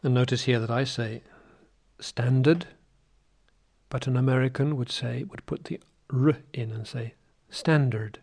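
A man teaching pronunciation, saying single words one by one in a careful, deliberately articulated drill. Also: mid-range voice, fairly even intonation, creaky, darkish tone, slightly rough.

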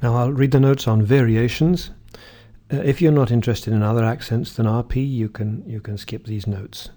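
A man with a mellow, medium-pitched voice teaches English pronunciation through a slow, deliberate drill. He reads word lists clearly, often drawing words out with "uh" fillers in between, and asks the listener to repeat.

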